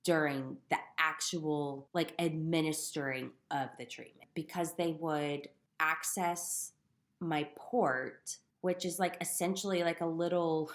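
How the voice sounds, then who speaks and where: A woman's voice: low voice, steady tone, takes it slowly, echoey room. A young woman candidly telling her personal story on a podcast, with self-deprecating humor. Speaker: guest sharing her story.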